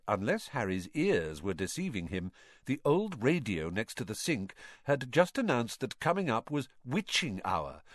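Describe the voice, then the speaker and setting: A man narrates a novel aloud with lively, animated storytelling. His voice sits at a middle pitch and sounds dry and close to the mic. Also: no echo. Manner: expressive storytelling.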